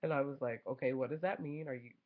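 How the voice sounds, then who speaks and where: A young mother casually telling a family story, animated and acting out quoted voices. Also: extremely low pitch, fast. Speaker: mother vlogger. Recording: dull lo-fi home recording.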